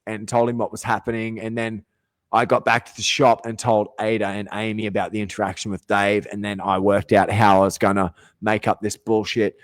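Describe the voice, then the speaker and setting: Low-voiced and speaking a little fast, this middle-aged Australian podcast host launches into a sweary, aggrieved monologue, often breaking off before finishing a sentence. His delivery is flat, and the recording has no echo.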